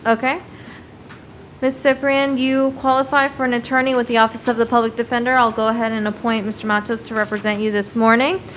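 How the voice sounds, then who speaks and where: A woman presiding as a judge in a courtroom, reading out bail conditions in a brisk, procedural way and spelling them out slowly. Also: fairly high pitch, flat delivery. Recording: faint room noise, heater.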